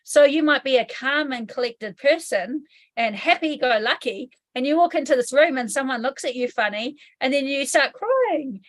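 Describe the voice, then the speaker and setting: NZ woman, hypnotherapy trainer as interview guest; fairly high, candid, swears casually. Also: normal speed. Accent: New Zealand. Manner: candid, swears casually, acts out inner voices. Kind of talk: explanatory interview talk.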